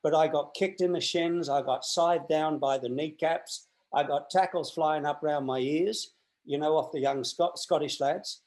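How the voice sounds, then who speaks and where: A man's voice: on the high side, measured pace, poor audio. A man in his sixties with an Australian accent, telling a long story in a casual interview and acting out the people in it. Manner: animated, acts out the voices in his tales. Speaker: interview guest. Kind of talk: anecdotal storytelling in casual chat.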